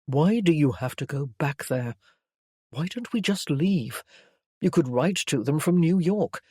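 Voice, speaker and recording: A woman voicing an ardent, possessive gentleman in a period romance, firm and insistent. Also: low-pitched, lively intonation, a little slow, slightly rough, no echo, clean studio sound, full character voice.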